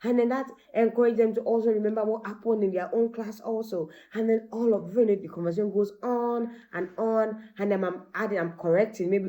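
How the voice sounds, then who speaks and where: A middle-aged woman, a teacher and mother, giving animated parenting advice and acting out bits of dialogue. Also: mid-range voice, brisk, hardly any pauses. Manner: animated, acts out quoted dialogue.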